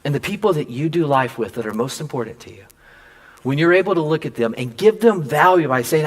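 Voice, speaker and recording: A man preaching a sermon, telling a personal story and acting out the dialogue with lively swings in his voice. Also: brisk. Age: adult father. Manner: animated, acts out quoted dialogue with big pitch jumps. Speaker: pastor.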